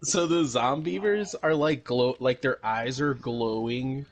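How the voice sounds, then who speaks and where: A man's voice: medium pitch, measured pace. Rambling, laughing man recapping a movie. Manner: rambling with many fillers, swearing and laughing. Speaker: podcast co-host. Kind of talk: casual chat, recapping a movie.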